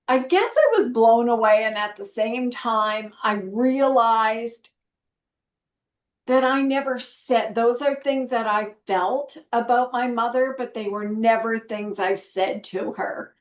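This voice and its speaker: A middle-aged woman from Canada speaks slowly and earnestly as a guest nurse educator, pausing often with fillers. Her voice comes over a video call that sounds dull and lo-fi, in an echoey room. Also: on the high side. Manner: earnest, reflective, with many fillers. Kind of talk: conversational storytelling interview.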